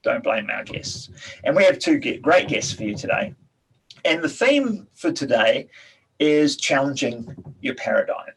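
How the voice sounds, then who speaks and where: A man hosting an online talk session from a room at home over a video call, chatty and relaxed, with many fillers and restarts. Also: medium pitch, a little slow, slightly rough, poor audio. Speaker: host of a TEDx salon. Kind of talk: casual talk introducing guests.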